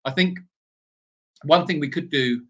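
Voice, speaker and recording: A man's voice: on the high side, unhurried, a bit bright. British man chatting, rambling with fillers. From Britain. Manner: rambling, with many fillers and restarts. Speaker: sanctuary co-host. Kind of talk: casual live Q&A chat. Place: animal sanctuary.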